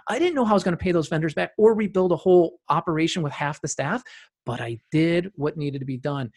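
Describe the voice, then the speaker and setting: A man guest on a podcast, telling stories from running a practice with emphatic repetition and loud rising bursts. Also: on the high side. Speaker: guest, practice owner and CEO. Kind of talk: podcast interview storytelling.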